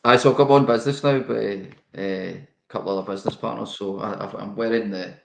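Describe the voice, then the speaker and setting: A middle-aged Scottish man with a low voice tells anecdotes from his playing days, with a lively, laughing delivery. The sound is roomy and echoey around him. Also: fast talker, creaky, a little hiss or hum. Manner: animated anecdote telling with laughs. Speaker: guest, former footballer. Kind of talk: casual storytelling interview.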